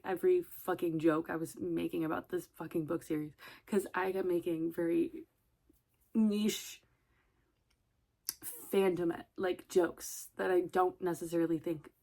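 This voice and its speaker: A woman's voice: fairly low pitch, fairly even intonation, normal speed, a little mellow. A woman rambling casually in a vlog, chatty and swearing, often breaking into laughter. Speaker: vlogger.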